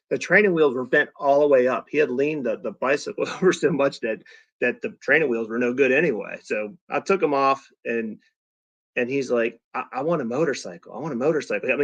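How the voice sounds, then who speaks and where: A man's voice: medium pitch, dry recording. Middle-aged man, podcast guest, storyteller who acts out quotes; dry, dull-ish recording. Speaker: podcast guest, father of a young racer. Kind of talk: casual storytelling chat.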